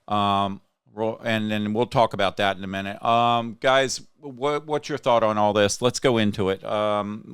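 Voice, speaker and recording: A man's voice: fairly low pitch, smooth, dry recording, studio quality. A man hosting a casual political podcast, rambling and getting heated and indignant. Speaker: podcast host.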